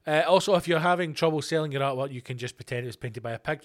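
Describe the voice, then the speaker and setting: A Scottish man rants through his own podcast with a high, lively voice. He swears freely and slips into quick acted-out exchanges between imagined people. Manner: sweary, animated, acts out little dialogues. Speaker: podcast host. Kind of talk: solo comedic rant.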